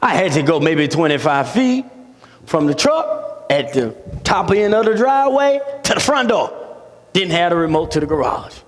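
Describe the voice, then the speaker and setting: A man preaching a sermon in a dramatic style, with his voice rising to shouts at the peaks. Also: fairly high pitch, sing-song, moderate pace. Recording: long reverb of a large hall.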